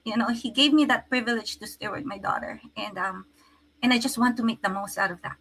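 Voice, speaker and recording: Bright-voiced woman telling her story earnestly. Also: fairly high pitch, fairly quick, breathy edge, low-quality recording. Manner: earnest, emotional storytelling with many restarts. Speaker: guest, physical therapist. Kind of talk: conversational interview.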